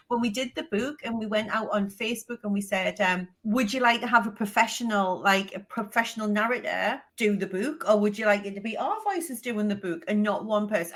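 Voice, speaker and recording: A woman in her forties with a strong Geordie accent, a podcast guest telling candid, lively stories with the odd swear word. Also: medium pitch. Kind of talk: casual interview chat.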